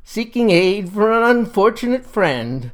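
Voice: medium pitch, sing-song, measured pace, pitched above the performer's own voice. A storyteller voicing a sly, folksy Baptist country man who talks in a genteel, persuasive drawl.

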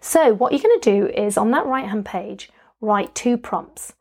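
A woman's voice: medium pitch, lively intonation, measured pace, breathy edge. A woman hosting a solo health coaching podcast, talking listeners through steps in an upbeat, chatty way with frequent ums.

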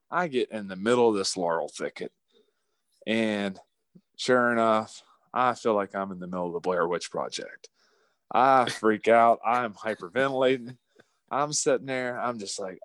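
Man, low voice, animated folksy storyteller, dry recording. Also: no echo. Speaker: guest. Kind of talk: casual storytelling.

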